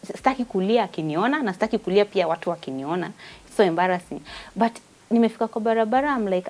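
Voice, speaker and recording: A woman's voice: mid-range voice, animated, fast, a little mellow, low-quality recording. A woman with a Kenyan accent, a guest giving an emotional personal testimony and mixing Swahili with English.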